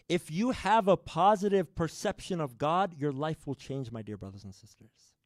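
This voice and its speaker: A man giving a sermon, telling a story to the congregation with lively shifts in loudness and addressing them as brothers and sisters. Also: a little high, no room sound, clean studio sound. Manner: animated, shifts loudness widely, addresses the audience directly. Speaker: speaker at a religious program. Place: mosque or community hall.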